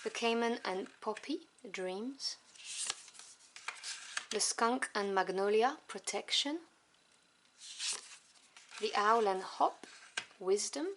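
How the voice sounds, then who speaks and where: A woman whose first language is French, reviewing tarot cards one by one. She lists each card softly and without hurry, adding fond little asides. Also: medium pitch, a little hiss or hum. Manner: soft, unhurried listing with fond asides.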